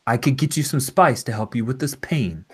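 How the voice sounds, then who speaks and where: A man puts on a prim, bureaucratic older woman who apologizes over and over while refusing to help. She talks about rules and proper channels in a soft, regretful tone, voiced in an everyday way for a tabletop game. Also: medium pitch, expressive, moderate pace, slightly rough. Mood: stonewalling. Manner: apologetic, rule-bound, bureaucratic. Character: prim older woman official, polite but stonewalling.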